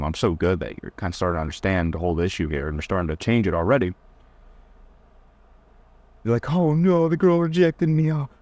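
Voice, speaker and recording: A man's voice: low voice, darkish tone, no room sound. A young man giving a casual, blunt dating-advice lecture, teasing his listeners and mocking them in whiny put-on voices.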